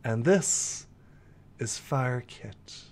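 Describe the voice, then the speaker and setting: A man's voice: mid-range voice, vocal fry, a little hiss or hum, heavily acted. A man voicing a sly, fawning fire fox. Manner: oily, flattering, drawn-out.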